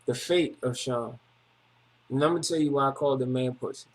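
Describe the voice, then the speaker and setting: A man's voice: medium pitch, a little fast. A man vlogging a personal story in a casual, rambling monologue, agitated, repetitive and full of slang.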